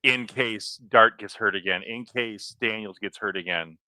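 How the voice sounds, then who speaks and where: A man's voice: lowish voice, unhurried, bright, forceful tone, no echo. A man co-hosting a fantasy football show who talks in a fired-up, ranting way. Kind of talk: casual live-stream chat.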